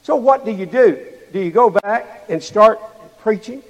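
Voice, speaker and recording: Guy preaching a sermon, pretty high voice, lots of hall reverb, keeps asking the room questions. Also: animated, a little slow. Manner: asks the listeners rhetorical questions.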